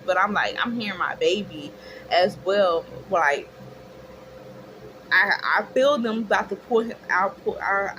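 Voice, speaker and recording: A young woman telling a chatty, expressive storytime to her viewers, calling them y'all. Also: mid-range voice, poor audio. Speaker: vlogger. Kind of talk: casual storytime. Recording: clear background noise.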